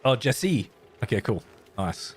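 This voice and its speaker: A man's voice: medium pitch, big pitch swings, slow, slight background noise. A man casually live-streaming a game, thinking aloud as he builds and chatting playfully with his viewers.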